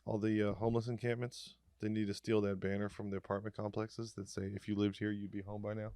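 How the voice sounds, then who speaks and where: A man with a lowish voice co-hosts a loose comedy podcast. He delivers dark jokes deadpan and wanders off on rambling tangents. The recording is dry and close, with no room sound. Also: moderate pace, no echo. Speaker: podcast co-host. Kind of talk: casual comedic chat.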